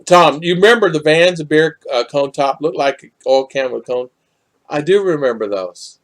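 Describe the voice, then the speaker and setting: A man's voice: on the high side, moderate pace. An older man from the United States hosting a casual live chat, reading viewer comments and rambling with many repeats and fillers.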